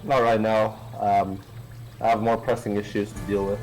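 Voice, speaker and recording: A man voicing an ambitious, boastful male engineer, speaking haltingly with many fillers. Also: lowish voice, little pitch movement, faint music behind, natural voice, poor audio. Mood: calm.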